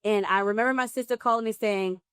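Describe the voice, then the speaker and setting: A woman from New Jersey, a guest actress telling her story in a live interview, with lively acted-out dialogue. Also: medium pitch, fast, clean tone, no room sound, clean studio sound. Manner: animated, acts out dialogue with laughs and exclamations. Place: live pop-up event at a film festival.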